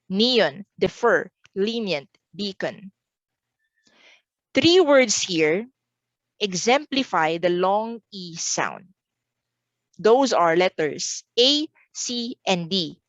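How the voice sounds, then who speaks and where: Filipina teacher doing an online review lesson, talks slow and repeats each word, dry close sound. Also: female voice, medium pitch, no room sound, highs cut off. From Philippines. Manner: deliberate, repeats words slowly for pronunciation drills. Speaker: exam reviewer.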